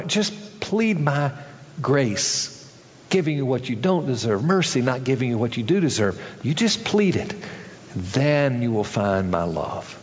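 A man's voice: long reverb tail, dull audio, slight background noise. A male pastor preaching a sermon, acting out the people in a parable with changes of voice. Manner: acts out characters in a story, shifting pitch for each.

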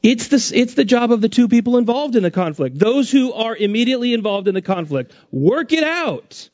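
Animated high-voiced male preacher. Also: fast talker, no echo, highs cut off. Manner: animated preaching, pitch rising and dropping sharply for emphasis. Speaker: pastor. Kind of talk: sermon.

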